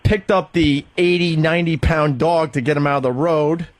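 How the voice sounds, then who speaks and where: A male radio host telling a long personal story in casual talk, halting and rambling, laughing nervously through grim parts. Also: on the high side, steady tone, no echo.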